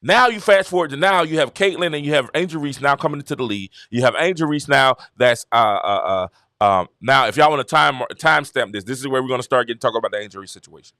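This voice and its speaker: A man from Georgia, hosting a casual sports talk stream and telling stories in an animated, repetitive way. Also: medium pitch, fast, no room sound, studio quality. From Georgia, USA. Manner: animated, repetitive storytelling with laughs. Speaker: show host. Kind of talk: casual commentary livestream.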